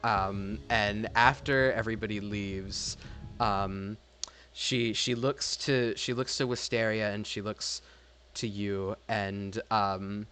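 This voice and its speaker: A man's voice: lowish voice, steady tone, slow, sharp tone, slight background noise. A man narrating a tabletop game as game master in a casual, rambling way.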